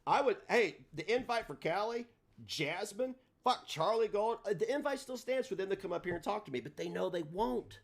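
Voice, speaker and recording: A man hosting a livestream, ranting in a combative, profane way, his delivery swinging between loud and soft. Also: high-pitched, lively intonation, normal speed, vocal fry. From United States. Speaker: livestream host.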